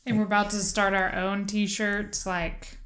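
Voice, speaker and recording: A woman's voice: mid-range voice, flat delivery, unhurried, crowd noise. A woman co-hosting a casual podcast, teasing and giggly. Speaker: podcast co-host.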